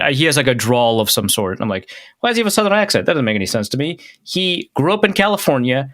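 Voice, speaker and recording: Podcast co-host, male, from North Dakota, bright voice, lively pitch, laughs a lot. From North Dakota, USA. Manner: animated storytelling, laughs often. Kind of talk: casual chat.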